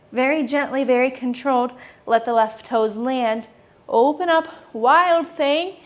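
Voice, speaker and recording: High-voiced woman cueing a yoga flow. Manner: calm, steady instructional cueing with brief asides. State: slightly out of breath. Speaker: yoga instructor.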